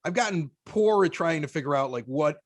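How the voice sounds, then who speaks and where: A man with a Chicago accent, a podcast guest telling stories in casual chat, animated and often stammering through restarts. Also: on the high side, brisk, dry recording. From Chicago, United States.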